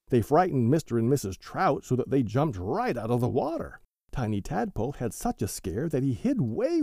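Male podcast host narrating children's stories; warm dark tone, very expressive delivery. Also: mid-range voice, dry recording, studio quality. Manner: animated, gentle storytelling.

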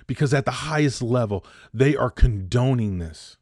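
A man's voice: mid-range voice, lively intonation, normal speed, hardly any pauses, darkish tone, dry recording, clean studio sound. Impassioned ranting man in his fifties. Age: 50s. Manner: impassioned, ranting, repeats points for emphasis. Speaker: podcast host. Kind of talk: opinion podcast monologue.

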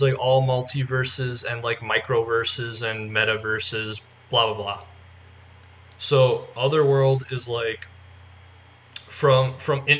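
A male podcast co-host rambling through a casual chat with a bright, forceful tone. He keeps reaching for "like" as he eagerly explains. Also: medium pitch. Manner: rambling, heavy use of filler "like", eager explaining.

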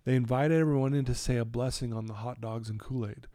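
A middle-aged man, a podcast guest telling his story in an animated way and acting out his own quoted lines. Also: medium pitch, fast, no echo, clean studio sound. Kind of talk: storytelling in a conversational interview.

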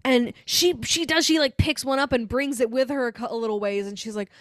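A woman's voice: fairly high pitch, steady tone, fairly quick, dry recording, clean studio sound. A woman co-hosting a podcast, joking and swearing as she retells a film, acting out the characters' lines. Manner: joking, profane, acts out quoted lines. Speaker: podcast co-host. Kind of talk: casual movie recap chat.

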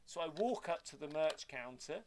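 A man's voice: on the high side, normal speed, a crowd in the background. An older man telling rambling anecdotes in casual chat, cursing freely. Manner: lively rambling storyteller, swears freely.

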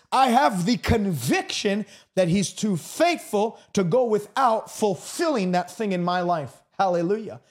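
A man preaching a broadcast sermon with an emphatic, repetitive cadence. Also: very high-pitched.

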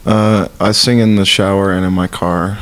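A young man from Utah, a podcast guest who trades dry, deadpan one-liners in casual chat. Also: low-pitched, normal speed.

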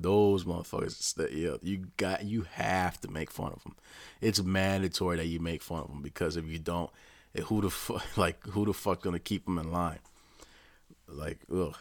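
A man with a very low voice delivers a rambling, profanity-heavy rant, speaking casually to his own channel. He restarts his sentences often and swears constantly. The sound is dry and close, with no room echo. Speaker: vlogger.

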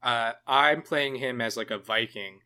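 A man hosting a casual podcast, animated and joking, swearing freely. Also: medium pitch, a little slow, smooth. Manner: animated, profane, jokey. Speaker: podcast host.

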